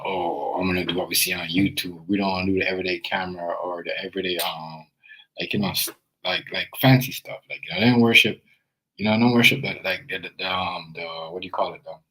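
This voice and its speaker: A man's voice: low-pitched, fairly even intonation, a little fast, bright, forceful tone, breathy edge, rough recording. A young Jamaican man with a Jamaican accent telling his own story in a loose, rambling way, full of fillers and restarts. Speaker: video creator. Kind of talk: casual personal storytelling.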